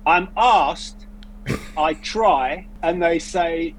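A man's voice: on the high side, extremely slow, slight background noise, poor audio. An older man from England with an English accent, curious and self-deprecating in casual chat.

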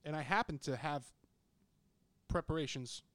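A man's voice: a little high, moderate pace, a bit bright, no room sound. A young man on a podcast telling a story in casual, blunt, profanity-laced chat, right up on the microphone. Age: young adult. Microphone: close studio microphone.

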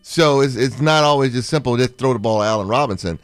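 Brief: male sports radio co-host, ex-quarterback, mid-pitched, analytical, dry close mic. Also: fast, dry recording. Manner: explanatory, analytical.

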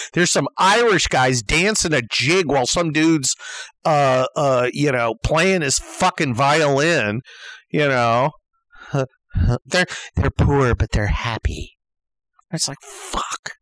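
An older man telling a comedic story as a profane, exasperated rant, dropping to low mutters and jumping to yelled outbursts. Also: lively intonation, slow, no echo, poor audio.

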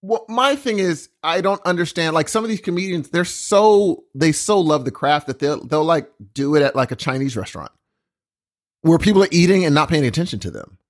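A man's voice: on the high side, animated, brisk. A man in casual chat who tells stories animatedly and laughs easily. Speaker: guest.

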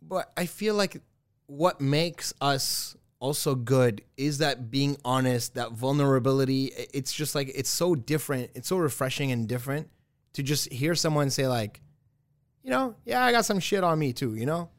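Casual podcast co-host, male, mid pitch, easygoing and meandering, dead-dry mic. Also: normal speed, no room sound. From Arab heritage. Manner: relaxed, rambling, lots of fillers. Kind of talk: casual chat.

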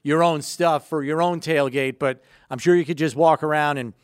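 A man co-hosts a sports radio show with a jokey, teasing manner. His voice is a bit higher than most men's, and it comes across dry and close. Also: steady tone, normal speed, smooth, dry recording. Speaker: co-host. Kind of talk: casual sports talk.

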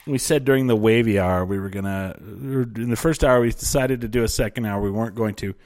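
A man's voice: lowish voice, quick pace, a little mellow, no echo. A man hosting a live podcast in casual chat, joking and slipping into mock voices. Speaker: podcast host.

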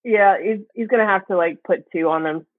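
A woman's voice: mid-range voice, fairly quick, no room sound, phone-quality sound. A young woman with a Southern American accent, casually chatting and telling stories as a podcast co-host, giggling often. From Southern United States. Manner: giggly, animated storyteller. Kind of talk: casual chat.

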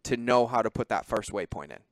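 A man hosting a podcast, talking in a lively, informal way and swearing freely. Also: mid-range voice, no echo. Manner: animated, swearing, quick asides. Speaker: podcast host. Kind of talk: casual podcast conversation.

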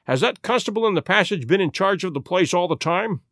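Man reading brisk commanding detective, eager, high lively voice. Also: dry recording, clean studio sound. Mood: urgent. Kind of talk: audiobook reading.

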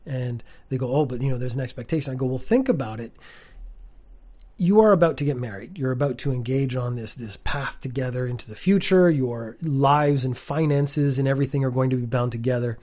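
A man speaks in a relaxed, mid-pitched voice. He talks straight to camera in a plain, sparse room, blunt and opinionated, and fills his sentences with "like" and "uh". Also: a little fast. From Canada. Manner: opinionated, candid, with frequent "like" and "uh" fillers. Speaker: teacher and vlogger. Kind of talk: casual monologue to camera.

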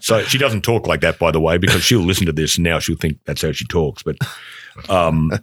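A man's voice: low voice, a little fast, a bit bright, no echo, clean studio sound. A man from Australia, a guest chatting eagerly on a podcast about his business, rambling with plenty of fillers. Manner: enthusiastic, rambling with many fillers. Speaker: guest, bourbon company founder. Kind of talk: casual podcast chat.

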